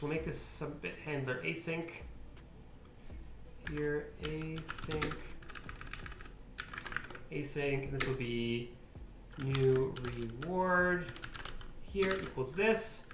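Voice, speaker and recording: A man's voice: on the high side, takes it slowly, long pauses. A man streaming live as he codes, thinking aloud and muttering to himself, with sudden exasperated outbursts. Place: room at a computer, keyboard clicks. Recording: echoey room, faint noise.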